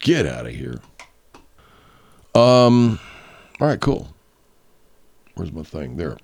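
A man's voice: fairly low pitch, sing-song, takes it slowly, creaky, darkish tone. A man hosting a podcast pre-show, rambling casually, swearing and checking his sound levels. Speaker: podcast host.

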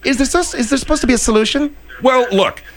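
A man's voice: very high voice, fast. A male radio host grilling a guest with exasperated, probing questions during a comedy bit.

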